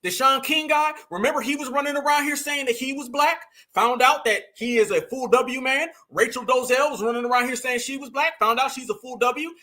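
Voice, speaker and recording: Man, bright forceful voice, animated reaction commentary host. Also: very high-pitched, a little fast, hardly any pauses. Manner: animated, preachy, calls audience "fam", mocks voices.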